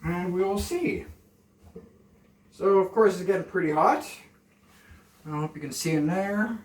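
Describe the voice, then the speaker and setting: A man from Canada, chatting calmly and softly to the camera while cooking in his home kitchen, rambling off into asides. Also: high voice, a little hiss or hum. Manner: deliberately soft and calm, rambling asides. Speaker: cooking vlogger. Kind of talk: casual cooking chat to camera. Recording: echoey kitchen, mic from far off.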